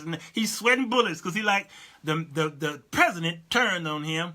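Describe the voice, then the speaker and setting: A man in his fifties with a high, piercingly bright voice talks straight to his viewers. He delivers a loose, animated commentary and laughs often. Now and then he stops to answer comments from the live chat. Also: normal speed. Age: 50s. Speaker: talk show host. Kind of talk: casual commentary monologue.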